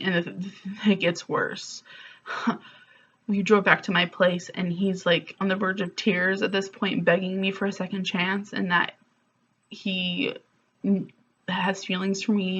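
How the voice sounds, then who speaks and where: A woman vlogger speaking candidly and emotionally in a confessional story, her talk full of "like" and "um." Her voice sits at a middling pitch. The recording is muffled and lo-fi. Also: a bit bright. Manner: candid, emotional, many fillers like "like" and "um".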